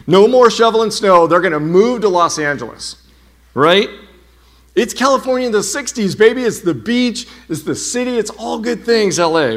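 A pastor preaching a sermon, telling stories in an animated, humorous way. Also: male voice, high voice. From United States.

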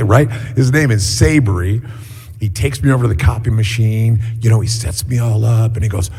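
A middle-aged man giving a sermon as a guest preacher in a church, telling stories in a relaxed, chatty way with many fillers. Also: fairly low pitch, normal speed, creaky, husky. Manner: conversational storytelling with many fillers. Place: church hall. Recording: echoey hall.

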